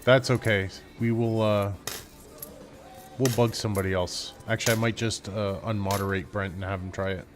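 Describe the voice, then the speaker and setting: A man's voice: on the low side, steady tone, music in the background. A man co-hosting a casual livestream chat on a desk mic, upbeat and teasing. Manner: upbeat, teasing, quick to exclaim. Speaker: co-host.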